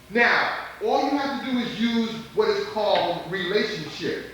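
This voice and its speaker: Man, emcee, high voice, playful teasing, echoey hall from far off. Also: animated, unhurried, pushed and bright. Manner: playful, teasing, laughs often. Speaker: emcee quizzing audience members. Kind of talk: lively live audience quiz. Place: large college event hall. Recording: echoey hall taped from far off, noisy old videotape.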